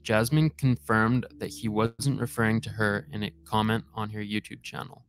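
Male documentary narrator, low voice, scripted, flat delivery. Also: normal speed.

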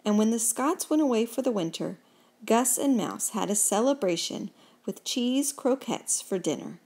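A woman reading a picture book aloud to children, telling the story in an expressive, unhurried way. Her pitch sits a little high and moves lively, and a gravelly fry creeps in at phrase ends. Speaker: storybook reader.

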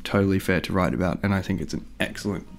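A man's voice: low-pitched, fast talker, vocal fry. A young man chatting casually and rambling about a song before playing his cover, with lots of "like" and "um". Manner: rambling, easygoing, full of "like" and "um". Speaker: musician doing a cover.

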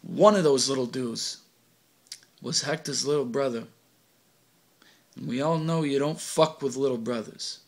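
A man with a medium-pitched voice performs an audition monologue on stage, lightly acting as a cocky, streetwise teenage delinquent. He speaks unhurriedly with frequent pauses, sounding swaggering, boastful, and slangy, and the clip was recorded on a home video camera.

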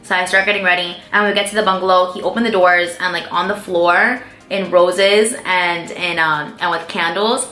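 A woman's voice: on the low side, steady tone, moderate pace, hardly any pauses, bright, forceful tone. A young woman beauty vlogger answering viewer questions in casual chat, filling her speech with "like" and "um". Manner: chatty, fills speech with "like" and "um". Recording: echoey room with faint music.

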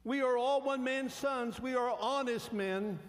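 A man doing frightened pleading brothers, high and loud. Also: measured pace. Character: Joseph's frightened grown brothers pleading innocence. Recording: long church hall reverb.

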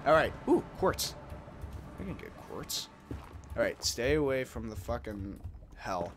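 A young man narrates his game in a slow, meandering way, cursing freely and talking half to himself. His pitch leaps around a lot between low mutters and sudden loud outbursts. Faint keyboard clicks and a little hiss sit behind him. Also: very animated. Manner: swears a lot, talks to himself, swings from mumbling to loud outbursts. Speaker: gamer. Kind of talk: casual let's play commentary.

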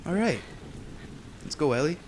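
A man giving chatty, excitable commentary while he plays a video game. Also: a little high, noisy background. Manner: excitable, chatty, quick to exclaim. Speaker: gameplay commentator. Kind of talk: casual let's-play commentary.

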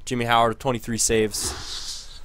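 A man giving casual commentary over a hockey video game he is playing, muttering low between plays and getting louder when he cheers. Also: completely flat delivery, moderate pace, smooth, dry recording. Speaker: gaming commentator.

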